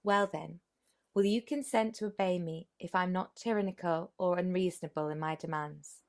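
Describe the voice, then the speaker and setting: A woman voicing an earnest, impatient young gentleman who presses his questions insistently. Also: lowish voice, normal speed, natural voice.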